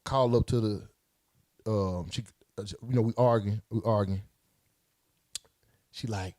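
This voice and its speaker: A male podcast co-host chats casually, telling stories with animation and imitating other people's voices. His voice is on the low side, his pace moderate, and he pauses often.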